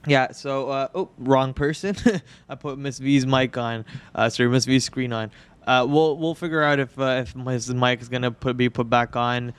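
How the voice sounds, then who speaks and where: A hoarse man hosting a live trading stream, talking through stock charts in a rambling way with many restarts, on a podcast microphone. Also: medium pitch, level tone, normal speed, dry recording. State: hoarse, itchy throat. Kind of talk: live market commentary.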